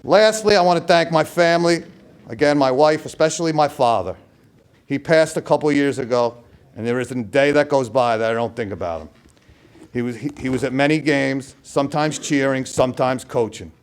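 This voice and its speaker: A man's voice: medium pitch, normal speed, clean tone. A middle-aged man with a New York accent giving a hall of fame acceptance speech, telling stories and acting out the voices of people he quotes. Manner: storytelling, acts out quoted voices, trailing asides.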